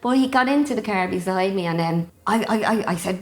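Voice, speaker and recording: A middle-aged woman with an Irish accent, a guest telling family stories in a lively, laughing manner. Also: medium pitch, fairly quick. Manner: lively, warm storyteller who laughs often. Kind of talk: casual storytelling chat.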